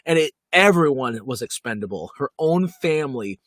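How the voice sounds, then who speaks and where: A man's voice: mid-range voice, lively intonation, normal speed, a bit bright, no room sound. A man co-hosting a podcast, chatting casually and giving emphatic opinions. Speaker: podcast co-host. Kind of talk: casual chat.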